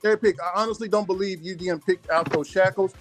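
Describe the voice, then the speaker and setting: A man's voice: high-pitched, fairly even intonation, fast, over music. A man hosting a casual streamed chat, talking insistently, repeating and restarting himself. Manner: repetitive, stumbling, insistent. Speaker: show host.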